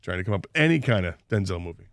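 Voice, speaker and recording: A man's voice: low voice, lively intonation, rapid-fire, no room sound, studio quality. A man hosting a radio show, telling a story in casual banter and laughing often.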